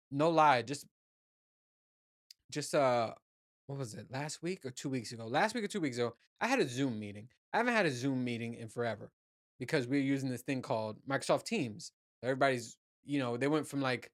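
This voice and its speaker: A man hosting his own podcast, ranting casually and rambling, swearing freely and restarting his sentences often. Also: medium pitch. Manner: profane, rambling, with many restarts and "you know"s. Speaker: podcast host. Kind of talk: casual solo podcast rant.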